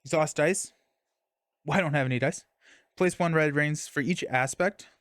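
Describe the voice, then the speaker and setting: A man's voice: on the high side, normal speed, a bit bright, no echo, studio quality. A young man casually streaming a card game, talking through his moves and chatting with viewers. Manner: chatty, reads chat and thanks viewers mid-game.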